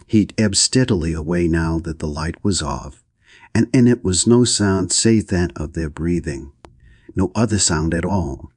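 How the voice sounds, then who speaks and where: Deep, husky male audiobook narrator. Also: a little slow, a little mellow, dry recording, clean studio sound. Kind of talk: scripted narration.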